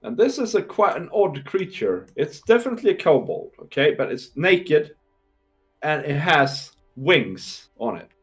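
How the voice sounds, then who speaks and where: A man's voice: on the high side, sing-song, a little slow, faint music behind. A man running a tabletop game as game master, narrating scenes with fillers and restarts. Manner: descriptive, thinks aloud with fillers and restarts; clears his throat between lines.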